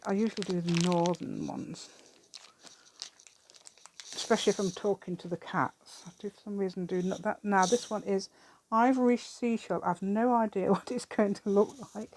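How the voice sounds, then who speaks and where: A woman's voice: mid-range voice, a little mellow, slight background noise. A British woman hosting a craft channel, chatting through a crafting demonstration and rambling to herself with giggly asides.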